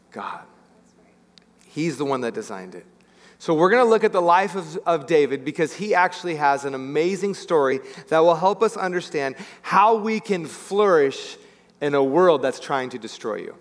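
Guy pastor preaching, pretty high voice, big reverby hall, acts out the story bits. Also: normal speed. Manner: animated storytelling, acting out biblical characters. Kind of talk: sermon.

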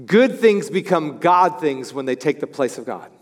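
A man preaching a sermon as pastor, animated, swinging from loud to hushed. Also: a little high, moderate pace. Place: church sanctuary. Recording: echoey hall with music.

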